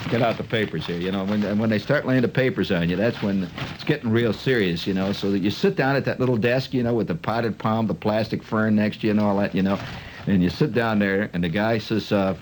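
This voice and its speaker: A man telling a rambling, mocking stand-up story in an animated way. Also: lowish voice, fairly quick, slight background noise. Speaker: comedian.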